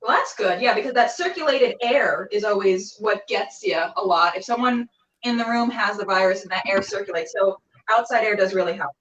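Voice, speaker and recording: A woman's voice: medium pitch, normal speed, a bit bright. A woman hosting a casual interview over a video call, bubbly and exclamatory with loose fillers. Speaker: podcast host. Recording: roomy, distant, dull video-call audio.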